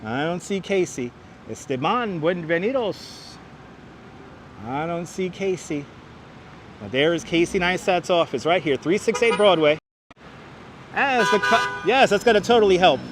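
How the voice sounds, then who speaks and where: A man with a high voice and lively intonation hosts a live walking tour on busy city streets, speaking at a moderate pace as he reads chat and greets viewers by name. He wears a wireless clip-on mic and films with a phone camera on a gimbal, with faint street traffic behind him.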